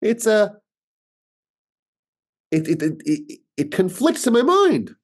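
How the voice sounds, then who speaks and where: A man's voice: high voice, very animated, pitched above the performer's own voice, heavily acted. A man voicing a bemused British man who stumbles over his words as he puzzles aloud. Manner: halting, repeats words while puzzling aloud.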